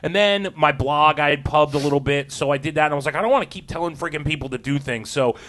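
A man's voice: fairly high pitch, quick pace, a bit bright. A man co-hosting a podcast, telling a story in casual chat and laughing often. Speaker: podcast co-host.

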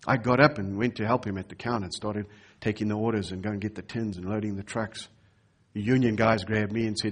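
A pastor preaches from the pulpit, weaving a personal story into his sermon and acting out the other people's lines. His voice sits on the low side and carries a husky edge. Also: fairly even intonation, brisk. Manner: storytelling, acts out quoted voices.

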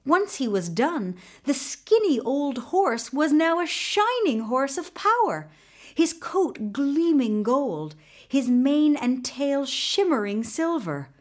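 A woman narrating a fairy tale in an expressive storybook reading style. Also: high voice. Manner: expressive, unhurried.

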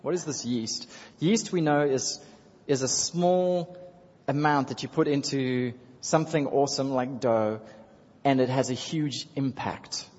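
A man's voice: medium pitch, a little slow, darkish tone. A man preaching a sermon to his congregation in a conversational way, repeating phrases, chuckling and speaking directly to the listeners. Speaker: pastor. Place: church sanctuary with congregation. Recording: dull sound with long hall reverb.

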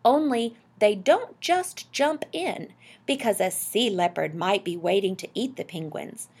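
An enthusiastic, dreamy husband from a storybook talks eagerly and excitably, as a woman reader puts him on. The voice is husky and lively in pitch. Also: unhurried.

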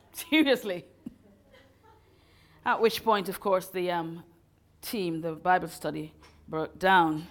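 A woman's voice: fairly low pitch, takes it slowly. A woman, a guest speaker, giving a chatty, self-mocking sermon at a college hall, laughing often as she tells stories. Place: college hall with a live audience.

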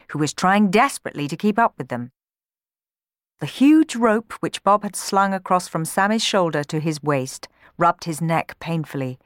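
Woman narrator, lower voice, very animated storybook reading, dry close sound. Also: no echo. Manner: expressive, dramatic reading.

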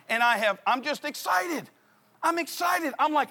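Guy preaching, telling a funny story, high bright voice, very animated. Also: moderate pace, creaky. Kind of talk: storytelling sermon.

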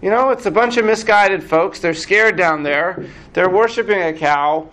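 A man, a rabbi, teaching a text class in a chatty, animated way with asides. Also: high-pitched, moderate pace, hardly any pauses, low-quality recording.

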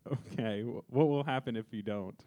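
A man's voice: mid-range voice, normal speed, warm tone. A man hosting a comedy podcast, giggling often and stumbling as he reads listener letters aloud. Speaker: podcast host. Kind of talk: casual comedy podcast chat.

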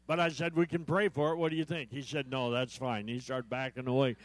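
A man's voice: medium pitch, flat delivery, brisk, no echo. A male guest preacher giving a humorous sermon at a church service. He tells jokes, acts out the dialogue in his stories and calls out to the audience for responses. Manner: joke-telling storyteller, acts out dialogue.

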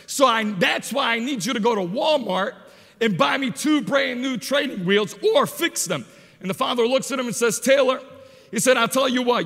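High, gravelly-voiced shouting evangelist. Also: male voice, big-room sound. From Portuguese parents. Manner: animated storytelling preacher, shouting at peaks. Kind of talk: sermon.

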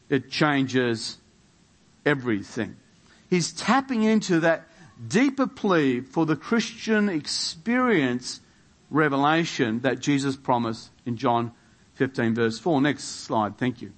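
A man's voice: a little high, lively intonation, a little slow. A man preaching a sermon in a church, building to emphatic rhetorical questions. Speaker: pastor.

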